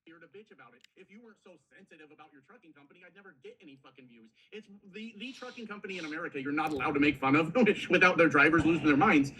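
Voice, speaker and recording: A man's voice: a little high, rapid-fire, hardly any pauses, pushed and bright, breathy edge, distant mic, low-quality recording. A man who makes trucking videos, ranting in a profane, rambling monologue full of fillers. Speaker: trucking YouTuber.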